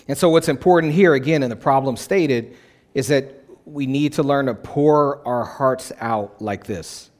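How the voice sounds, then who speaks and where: A man's voice: medium pitch, normal speed. A male pastor preaching a sermon in a conversational way, repeating phrases for emphasis.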